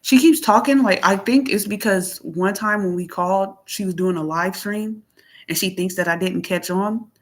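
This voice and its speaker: A woman vlogger venting in a casual monologue, reading out text messages and commenting on them in a plainspoken, aggrieved way, often clearing her throat. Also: medium pitch, normal speed. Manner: plainspoken, aggrieved, repeats herself.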